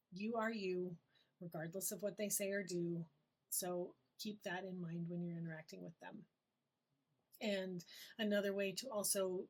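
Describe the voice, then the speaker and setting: Husky woman giving calm parenting advice. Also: medium pitch. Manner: calm and reassuring, acts out parent and child quotes. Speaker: parenting coach. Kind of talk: advice talk to camera.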